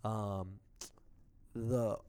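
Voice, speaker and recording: A man with a low, deep voice tells stories in an animated way, acting out his customers' lines. He sounds like someone who sells phones in a store, chatting casually. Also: drawn-out words. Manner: animated storytelling, acts out customer quotes. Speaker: retail phone store salesman. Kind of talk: casual conversation.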